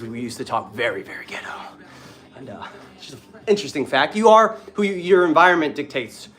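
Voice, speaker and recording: A man's voice: mid-range voice, fairly bright tone. A young man talking casually and with swearing in a vlog while doing push-ups, a bit out of breath. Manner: casual, profane, talks between push-ups. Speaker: dating coach.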